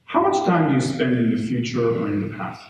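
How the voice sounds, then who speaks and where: A man's voice: mid-range voice, brisk. Man lecturing in an echoey room. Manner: conversational, animated storytelling with audience check-ins. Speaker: educator giving a parenting talk. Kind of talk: live workshop talk to parents. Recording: echoey room, distant mic, faint noise.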